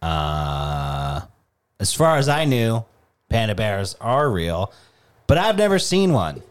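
Deep-voiced new england guy cohosting a podcast, cussing a lot, jokey animated rants. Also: slow pace, clear, resonant tone. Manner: profane, joking, animated rants. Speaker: podcast co-host. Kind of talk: casual podcast chat.

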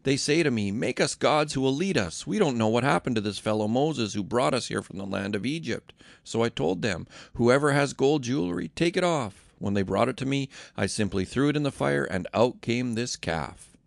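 Man doing Aaron, a placating priest, excuses, voice pushed higher than his gravelly own. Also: animated, normal speed, dry recording. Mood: defensive. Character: Aaron, defensive male priest making excuses.

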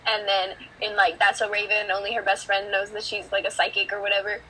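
A woman's voice: medium pitch, completely flat delivery, fairly quick, pushed and bright, slight background noise, poor audio. A teenage girl chatting casually on a podcast, winding through her thoughts with lots of fillers. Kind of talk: casual chat.

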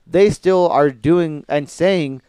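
A man's voice: a little high, slow, mellow, clear, resonant tone, dry recording, clean studio sound. A man in casual podcast chat about TV shows, rambling with many fillers and restarts and swearing casually.

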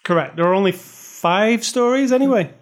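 Relaxed podcast co-host giving movie scores. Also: mid-range voice, normal speed. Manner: relaxed, reads reviews aloud, gives recommendations. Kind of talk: casual movie review chat.

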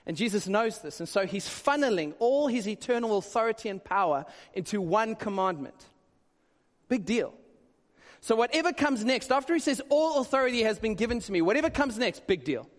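A male pastor giving a conversational, animated sermon with quick asides. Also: high-pitched. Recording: long hall reverb.

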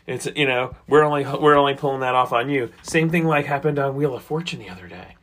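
A man's voice: medium pitch, quick pace, a bit bright. A man co-hosting a casual podcast chat, loose and profane, arguing his point with a laugh. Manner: loose, profane, argumentative banter. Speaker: podcast co-host.

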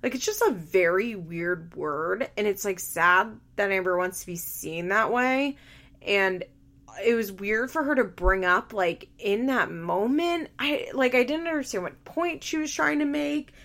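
Female podcast host, casual and blunt, constant "like" fillers, gravelly fry in the voice. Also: mid-range voice, unhurried, fairly bright tone. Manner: blunt, opinionated, heavy use of "like" fillers. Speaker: podcast host recapping a reality show. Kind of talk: casual chat.

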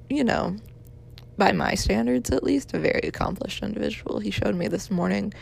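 A young woman in her twenties talks slowly into a voicemail, exhausted and yawning. Her fairly high voice is thick with gravelly fry, and she keeps apologizing for rambling. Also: a little mellow. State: tired, yawning. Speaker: caller leaving a voicemail.

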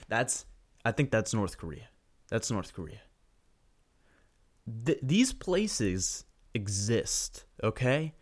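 A young man ranting profanely and sarcastically through a solo podcast monologue. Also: on the low side.

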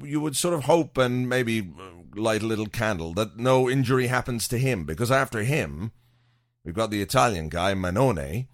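A man hosting a podcast, rambling through casual football chat with jokey asides. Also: mid-range voice. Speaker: podcast host.

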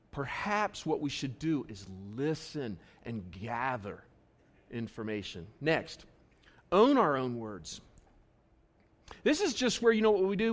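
A man with a fairly high voice preaches to his congregation like he's talking with friends. He jumps from raised, emphatic lines to hushed, earnest ones, and he keeps an easy, conversational tone. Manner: conversational preaching that swings between loud bursts and quiet asides. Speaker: pastor. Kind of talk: sermon. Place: church service.

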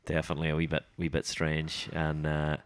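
Very deep-voiced man. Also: completely flat delivery, dry recording. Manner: halting, many restarts, laughs easily. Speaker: podcast co-host. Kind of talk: casual comics discussion.

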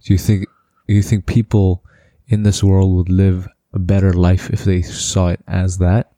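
Male interviewer. Very low, dark, flat voice, dry close sound, hesitant questions. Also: normal speed, no room sound. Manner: hesitant, stumbling questions with frequent affirming murmurs.

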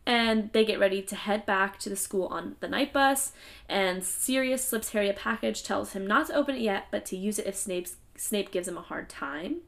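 A woman in the middle of her range, walking through a story recap in relaxed podcast chat. She talks it through loosely and now and then drops a dry, sarcastic aside. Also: medium pitch, normal speed, creaky. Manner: conversational summarizing, playful sarcasm. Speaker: podcast co-host. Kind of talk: casual book discussion podcast.

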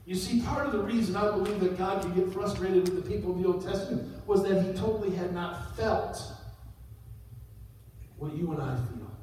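High-voiced preacher man in an echoey hall. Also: recorded from a distance, slight background noise. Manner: preaching with sudden shouted peaks. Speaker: pastor. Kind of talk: sermon.

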